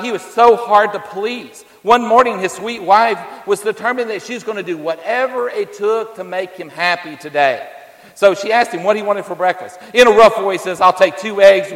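A man with a slightly high voice preaches in a folksy, anecdotal way, full of fillers and homespun stories. His voice carries a long reverb, as if from a church sanctuary. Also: fairly bright tone. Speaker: pastor. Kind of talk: sermon.

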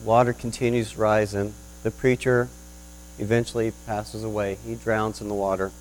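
A man's voice: on the low side, normal speed, a little hiss or hum, low-quality recording. A man preaching a sermon as pastor, telling an illustration story in an earnest, rising and falling manner. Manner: earnest storytelling with lively swells.

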